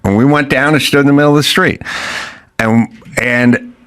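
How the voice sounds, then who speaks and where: A man's voice: medium pitch, steady tone, normal speed, fairly bright tone, clear, resonant tone. A middle-aged man telling a rowdy story in casual chat, acting out quotes, swearing and laughing. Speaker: podcast host.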